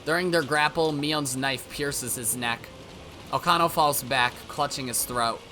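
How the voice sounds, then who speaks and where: A man's voice: medium pitch, a little slow, background noise. A man reading a visual novel aloud, with brief side remarks of his own. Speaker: let's-play narrator. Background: game music.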